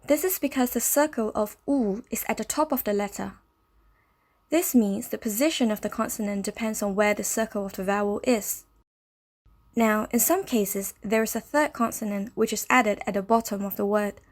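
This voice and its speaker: A woman narrating a scripted language lesson, explaining step by step in a slow, clear way. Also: medium pitch. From Malaysia. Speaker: language teacher.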